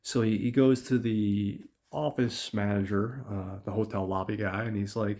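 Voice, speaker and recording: A man's voice: fairly low pitch, fairly even intonation, normal speed, few pauses, dark tone. A man hosting a podcast, casually recapping a film's plot in a chatty, profane way and calling his listeners guys. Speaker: podcast host.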